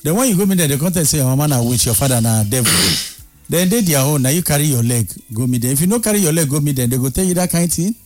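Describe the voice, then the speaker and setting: A man's voice: fairly high pitch, animated, quick pace, soft background music. A man with a Nigerian accent in a casual chat, speaking in a reflective way.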